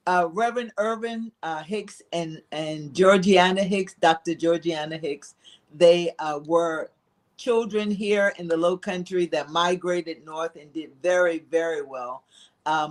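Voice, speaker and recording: A woman guest on a talk stream, telling family history in a reflective, unhurried way with frequent pauses. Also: on the low side. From Philadelphia, living in South Carolina. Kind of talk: casual interview storytelling.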